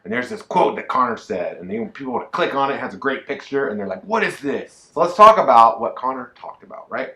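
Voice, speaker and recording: A man co-hosting a casual talk podcast, chatting in an animated, joking way. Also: medium pitch, creaky, echoey room. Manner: animated, jokey, quick asides. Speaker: podcast co-host. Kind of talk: casual chat.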